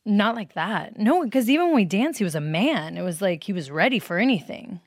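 A woman's voice: mid-range voice, brisk, no room sound, clean studio sound. A woman in her thirties, a podcast guest, telling a personal story in casual chat and acting out the quotes. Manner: animated storyteller, acts out quotes, laughs often.

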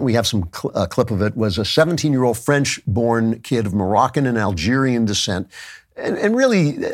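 A man in a mid-range voice giving a pointed monologue. He talks emphatically and breaks off for quick asides. His delivery stays firm and opinionated. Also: mid-range voice. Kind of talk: monologue commentary.

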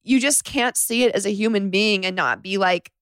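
A woman hosts a confessional solo podcast from her bedroom floor. Her voice sits at an ordinary middle pitch and is recorded close and dry, with no room sound. She rambles candidly, fills her talk with "like", and sounds emotional, near tears at times. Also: moderate pace, fairly bright tone, clean tone, dry recording. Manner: candid, rambling, heavy use of "like". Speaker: podcast host. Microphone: podcast microphone.

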